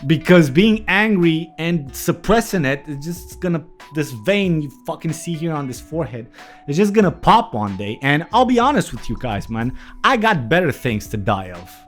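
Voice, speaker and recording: A man talking straight to his viewers in a heated, foul-mouthed rant, hammering his points home. His voice sits a little higher than most men's. Soft guitar music plays faintly underneath. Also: sing-song, normal speed. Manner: heated, swearing, emphatic rant. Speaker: vlogger. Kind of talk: candid profane monologue.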